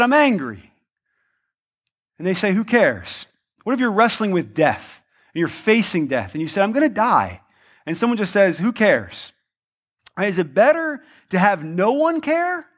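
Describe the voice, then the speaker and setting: A man in his thirties, a pastor preaching a sermon in a conversational way, often checking in with "right?" and building points through repeated rhetorical questions. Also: high voice.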